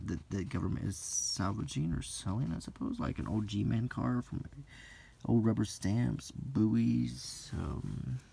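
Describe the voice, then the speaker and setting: A man from the United States softly reading aloud from an old magazine and musing in asides, in a soft-spoken unintentional ASMR style. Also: fairly low pitch, creaky, a little hiss or hum. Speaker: host flipping through an old magazine.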